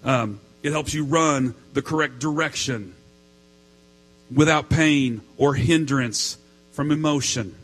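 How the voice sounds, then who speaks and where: A man's voice: mid-range voice, slow, low-quality recording. A middle-aged man preaching a sermon, telling a personal story in a casual way with many fillers. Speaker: pastor. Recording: mains hum.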